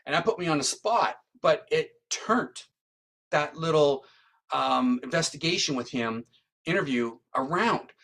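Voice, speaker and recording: Man telling an animated story. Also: on the high side, measured pace, vocal fry. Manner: animated retelling, tags lines with "right?". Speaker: guest, psychic medium and criminal profiler. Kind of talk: storytelling in an interview.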